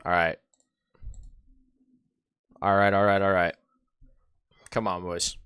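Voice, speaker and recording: A man with a sore throat streaming live play-by-play and reaction, excitable and nervous, swinging from loud cheering to quiet muttering. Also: low-pitched, takes it slowly, clear, resonant tone, no room sound.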